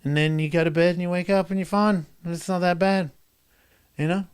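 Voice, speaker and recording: A man's voice: high voice, steady tone, a little fast, clear, resonant tone, no echo, studio quality. A man hosting a radio talk show, musing candidly in a rambling way with lots of fillers and restarts. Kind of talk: reflective casual monologue.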